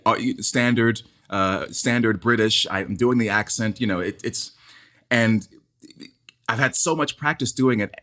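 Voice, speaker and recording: A baritone man talking in a low register, animated and emphatic. He speaks candidly as an actor in conversation and often repeats words while building his argument. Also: a little slow. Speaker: stage actor.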